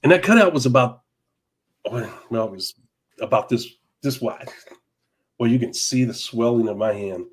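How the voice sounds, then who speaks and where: A man co-hosting a casual live talk show, telling a long story in an animated way, laughing often and repeating himself. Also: mid-range voice, moderate pace, pauses often, breathy edge. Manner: animated, laughing, repeats words, mild cursing. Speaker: podcast co-host.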